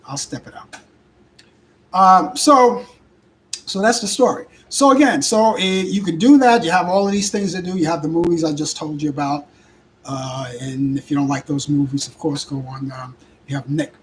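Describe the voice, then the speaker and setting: A hoarse older man with a Brooklyn accent, hosting a live talk show in rambling casual chat with halting restarts. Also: fairly high pitch, a little hiss or hum, low-quality recording. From Brooklyn, New York. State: hoarse, voice worn out. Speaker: host.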